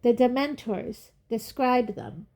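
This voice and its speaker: A woman's voice: a little high, voice pushed up. A woman reading aloud, voicing a stern, impatient witch who speaks sharply. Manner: sharp, brisk.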